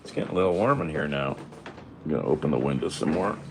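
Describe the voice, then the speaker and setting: A man's voice: rumbling low, lively intonation, fast, background noise. A man chatting casually and rambling as he chops onions in his home kitchen, chuckling to himself. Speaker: vlogger. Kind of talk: casual cooking vlog.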